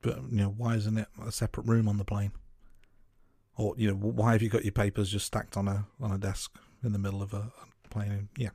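A man's voice: fairly low pitch, brisk, dry recording. Man chatting about films, dry sound. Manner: relaxed, thoughtful, many fillers and restarts. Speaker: film review podcast co-host. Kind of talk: casual film discussion.

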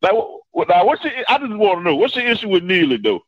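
A man's voice: high-pitched, big pitch swings, fast, fairly bright tone, no room sound, dull audio. Playful mock-offended male caller. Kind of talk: casual phone-in banter.

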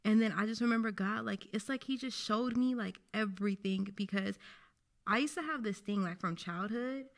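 A young woman talks through her faith in a relaxed, unscripted way. Her voice sits at a middle pitch, and she speaks earnestly and reflectively, leaning on "like" as she thinks aloud. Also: normal speed. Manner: earnest, reflective, lots of "like" fillers. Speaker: podcast co-host. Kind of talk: casual faith podcast chat.

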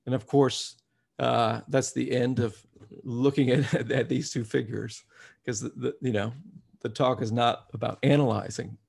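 Gravelly, husky male preacher. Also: mid-range voice, fairly even intonation, a little slow, a little mellow. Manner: reflective, rising to emphatic scripture reading. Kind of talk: sermon.

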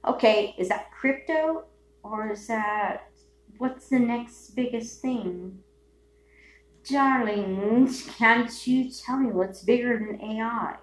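A woman hosting a solo podcast, ranting in a rambling, profane way, dropping to mutters and then bursting into shouts. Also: on the high side, slow pace. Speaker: podcast host. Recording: echoey room with faint hum.

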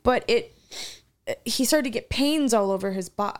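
A woman in casual chat, telling stories in an animated way and swearing often. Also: on the high side, moderate pace, clean tone.

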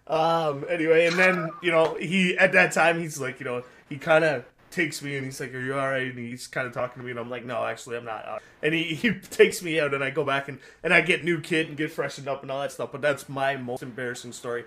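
A man telling a story in casual chat, halting and full of fillers. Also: a little high, fairly even intonation, pushed and bright, slight background noise.

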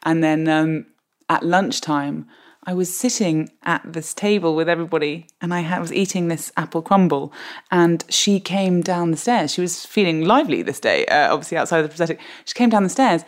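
A woman's voice: sits low, moderate pace. A woman, a podcast guest telling comic anecdotes with lots of laughter. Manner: animated comic storyteller, laughs often. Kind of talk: podcast interview.

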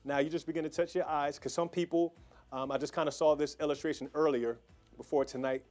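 A man preaching, praying fervently over his listeners and appealing for an offering, with many repeats and quick restarts. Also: fairly high pitch, fairly even intonation, a little mellow, faint music behind. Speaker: pastor.

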